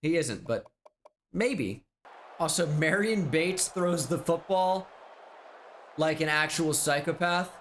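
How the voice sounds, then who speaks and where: A man's voice: on the high side, fairly bright tone, a little hiss or hum. Man casually recapping game stats. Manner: recaps stats in a quick, offhand way. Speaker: gaming YouTuber. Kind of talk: casual video game commentary.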